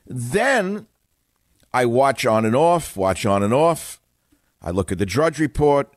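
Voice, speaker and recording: A man's voice: medium pitch, sing-song, measured pace, no room sound, clean studio sound. A man hosting political talk radio, delivering an indignant, dramatic monologue. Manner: indignant, dramatic, name-calling. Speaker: radio talk show host.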